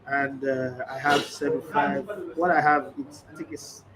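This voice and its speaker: A man's voice: mid-range voice, level tone, normal speed, over a noisy crowd, poor audio. A middle-aged Nigerian man hosting a sports vlog, telling stories emphatically and acting out quoted conversations. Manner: emphatic, storytelling, acts out quoted exchanges. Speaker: sports journalist and channel host. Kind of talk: casual vlog monologue. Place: hotel room or indoor space, background ambience.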